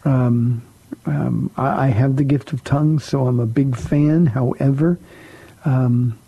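A man's voice: mid-range voice, gravelly, slightly rough, muffled recording. A man, a pastor, hosting a radio call-in show and answering Bible questions in a conversational way, often repeating words for emphasis.

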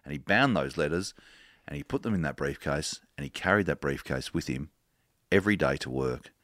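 Co-host, middle-aged man, low voice, deadpan jokes, dead dry studio sound. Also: no room sound. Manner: dry joking, unhurried storyteller. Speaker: podcast co-host reading from a book. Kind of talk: casual chat and storytelling.

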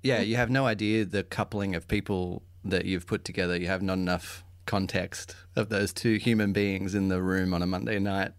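A man's voice: low-pitched, steady tone, moderate pace, few pauses, dry recording, studio quality. An Australian man chatting casually as a podcast host about improv, laughing often. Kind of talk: casual chat.

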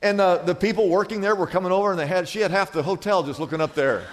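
A man's voice: sits high, quick pace, in a large hall, background noise. A man preaching a sermon, telling a personal story with humor before making his point to the congregation. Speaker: pastor.

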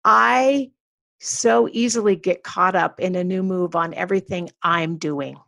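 A woman's voice: fairly low pitch, a little slow, creaky, a bit bright. A middle-aged woman co-hosting a podcast, sharing personal reflections thoughtfully.

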